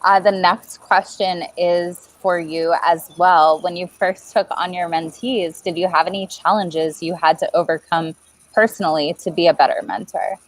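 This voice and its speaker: Low-voiced woman moderating a webinar. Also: fairly even intonation, poor audio. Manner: affirming, measured, reads out questions. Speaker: webinar host. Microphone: video call.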